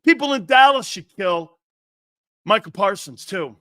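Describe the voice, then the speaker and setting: In a dry, close recording with no room sound, a brash man hosting sports talk rants with lively intonation at a slightly slow pace. His high, sharp, bright voice turns loud, mocking and profane, frequently rising to a shout.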